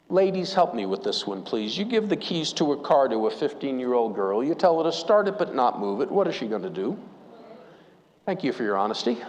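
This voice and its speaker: A man preaching a sermon, telling a story and asking the congregation questions. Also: mid-range voice. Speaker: pastor. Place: church. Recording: long church reverb.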